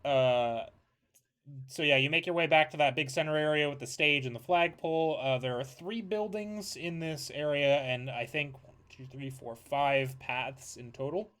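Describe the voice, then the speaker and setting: A man's voice: fairly high pitch, moderate pace, fairly bright tone. Rambling casual male game master. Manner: rambling, self-correcting, casual swearing. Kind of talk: narrating a tabletop game.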